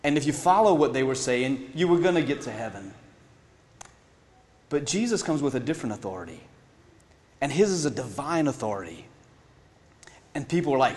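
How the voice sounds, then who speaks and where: A man preaching a sermon in an animated way, laughing often and acting out the people in his stories. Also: medium pitch, moderate pace, pauses often, long reverb tail. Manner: animated, laughing, acts out voices in quotes.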